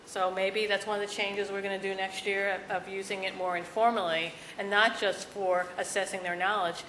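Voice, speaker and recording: Halting woman presenter in an echoey room. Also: medium pitch, little pitch movement, fairly bright tone, slight background noise. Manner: halting, with many restarts and fillers. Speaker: conference presenter. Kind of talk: conference presentation. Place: conference session room.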